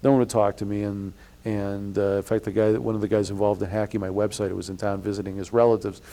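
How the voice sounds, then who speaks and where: A man's voice: fairly low pitch, flat delivery, fast. A man interviewed about his experiences, telling long rambling stories with many restarts and an indignant edge. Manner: rambling, restarts often, acts out quoted people loudly. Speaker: interviewee, blogger. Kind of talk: storytelling in an interview.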